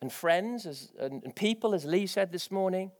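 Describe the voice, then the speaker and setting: High-voiced, animated preacher man. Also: moderate pace. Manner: energetic, animated preaching with rising exclamations. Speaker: pastor. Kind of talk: sermon.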